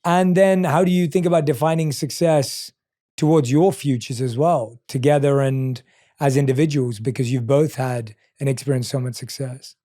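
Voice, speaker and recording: A man hosting a podcast, asking thoughtful questions in a gentle, halting way. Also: mid-range voice, fairly even intonation, dry recording, studio quality. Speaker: podcast host. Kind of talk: reflective interview questions.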